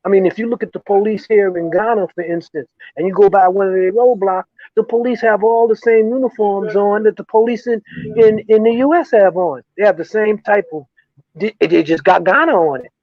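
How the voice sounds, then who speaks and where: A man's voice: sits high, brisk, dry recording, highs cut off. An older man giving an interview as a guest, talking emphatically with frequent restarts and "you see?" tag questions. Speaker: guest, veteran activist. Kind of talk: political interview talk. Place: lives in Ghana, remote interview.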